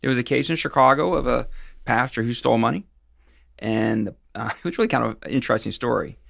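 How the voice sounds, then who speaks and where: A man's voice: medium pitch, quick pace, creaky, a bit bright, no room sound, clean studio sound. A middle-aged man, a guest expert on financial fraud, recounting cases in a casual interview, rambling along with frequent restarts and fillers.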